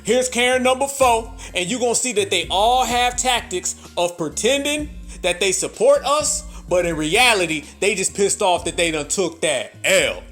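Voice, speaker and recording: A man's voice: sits high, expressive, moderate pace, a bit bright, faint music behind. A man hosting political commentary, emphatic and profane, repeating points for emphasis. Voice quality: emphatic, repetitive, profane, preacher-like. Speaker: host.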